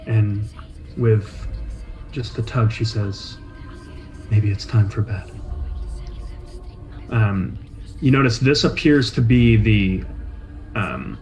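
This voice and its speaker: A man narrating a tabletop game as game master, describing scenes in a measured, atmospheric way. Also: on the low side, rough recording. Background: faint soundtrack music.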